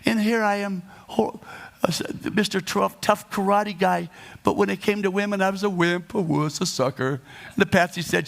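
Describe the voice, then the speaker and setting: A man's voice: on the high side, fairly even intonation, normal speed, creaky. A man telling his own story as a monologue, dramatic, confessional and self-mocking. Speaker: card magician telling his life story.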